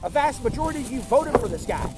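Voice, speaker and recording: Man, high-pitched, angry profane rant, loud music behind. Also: very animated, fast talker. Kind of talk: ranting on camera.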